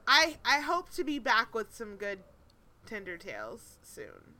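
Bright, animated woman chatting. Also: on the high side, unhurried. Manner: profane, animated, laughs often. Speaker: podcast co-host. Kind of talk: casual chat, storytelling.

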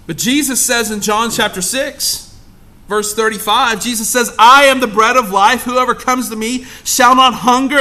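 A pastor preaching a sermon, full of emphatic rhetorical questions. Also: male voice, very high-pitched, sharp tone.

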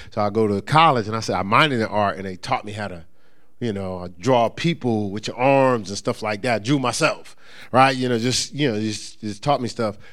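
A man pastor preaching a sermon, acting out quoted voices and slipping into a quiet storytelling tone for a personal story. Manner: animated preaching with rising emphasis and quoted voices; drops into a low, soft storytelling voice.

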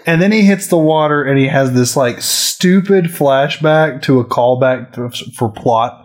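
A man's voice: mid-range voice, a little slow. A man in casual chat who swears a lot and acts out scenes while retelling a movie plot.

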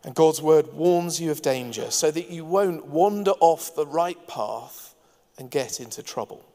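A man's voice: fairly high pitch, unhurried. Man preaching in a reverberant hall. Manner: earnest, warm preaching with asides to the congregation. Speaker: pastor. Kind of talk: sermon. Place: church hall.

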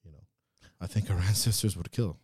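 A man co-hosting a podcast, talking in an earnest, reflective way that swings into loud, laughing rants. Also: low voice, steady tone, brisk, slightly rough, no echo, clean studio sound. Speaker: podcast co-host. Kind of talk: casual reflective chat.

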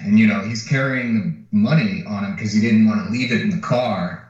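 A man's voice: on the low side, fairly quick. A man co-hosting a podcast, casually retelling a film plot with lots of swearing and acted-out lines. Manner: animated retelling of a film plot, swearing freely, acting out quotes. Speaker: podcast co-host. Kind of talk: casual chat. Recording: far from the mic in a very echoey room, dull sound.

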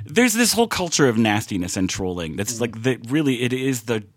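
A man's voice: mid-range voice, sing-song, brisk. A man appearing as a podcast guest, trading wry, sardonic political remarks. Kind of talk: political talk show banter.

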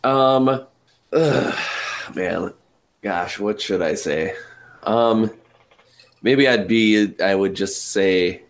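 A man's voice: low voice, slow pace, long pauses, background noise. A man playing a tabletop role-playing game, hesitant and searching for words. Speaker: player.

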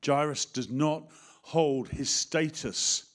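A middle-aged man with an English accent, preaching a sermon in a lively way, speaking straight to the congregation and acting out little voices. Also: on the high side, slow. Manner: animated, acts out voices, talks directly to the congregation.

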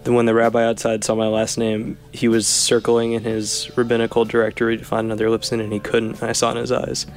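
Gravelly young man with New Jersey accent. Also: medium pitch, monotone, fast talker, few pauses, faint music behind. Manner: rambling, dry humor, trails off. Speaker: guest. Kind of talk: casual chat with a friend.

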